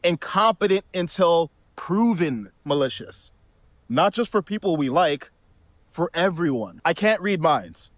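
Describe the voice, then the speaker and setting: A man delivering a scripted commentary clip at a somewhat high pitch for a man. His pacing is measured and reasoned, and the recording sounds dry, with no room echo.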